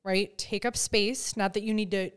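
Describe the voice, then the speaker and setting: A woman hosting a casual podcast chat close to the mic, animated and acting out quoted lines. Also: medium pitch, normal speed, clear, resonant tone. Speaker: podcast host. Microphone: close studio mic.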